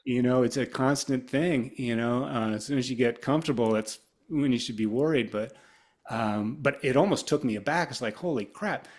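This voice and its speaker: A middle-aged guitarist from Ohio talks through his memories in a loose, rambling way. He drifts from one aside to the next and jumps into animated little impressions of the people he quotes. His voice sits at an ordinary middle pitch for a man. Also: moderate pace. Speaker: guest guitarist. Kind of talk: casual storytelling interview.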